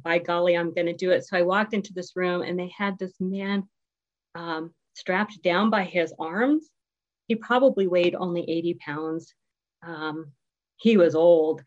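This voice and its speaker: Heartfelt middle-aged woman sharing her story. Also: lowish voice. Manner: heartfelt, conversational, many ums and pauses. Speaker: speaker at a recovery group meeting. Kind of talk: personal testimony share. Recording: dull lo-fi recording.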